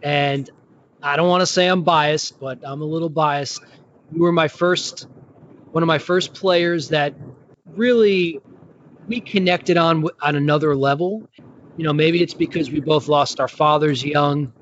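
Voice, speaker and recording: A man's voice: fairly high pitch, a little slow, a bit bright, a little hiss or hum. A man hosting a podcast, interviewing a guest in an earnest, reflective way. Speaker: podcast host, former rehab coordinator. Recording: dull lo-fi audio.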